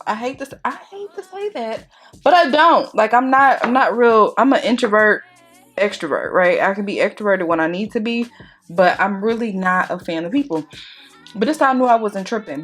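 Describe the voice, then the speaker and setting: A young woman chatting casually while doing her makeup, telling a story in an animated way and acting out what people said. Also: medium pitch. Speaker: beauty vlogger.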